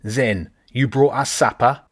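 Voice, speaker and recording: Man doing a sneering rat thug, gruff, menacing, loud, storybook. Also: medium pitch, fairly even intonation, measured pace, no echo, studio quality, voice pushed up. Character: sneering brutish male rat mercenary.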